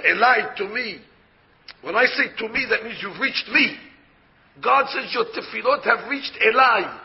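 Male rabbi, Torah lecture, high gravelly voice, dull lo-fi recording. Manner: explains by asking questions and answering them. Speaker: rabbi teaching a Torah class.

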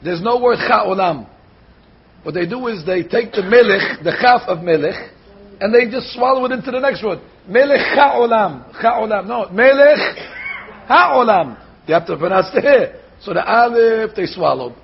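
A man giving a Torah class as a rabbi, animated, slowly sounding out words to show how they should be said. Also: high-pitched, vocal fry, breathy edge. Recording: dull lo-fi recording.

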